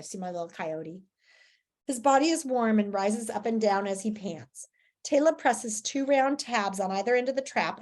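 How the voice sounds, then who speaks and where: A woman with a mid-range voice reads a children's book aloud, telling the story in an expressive, animated way.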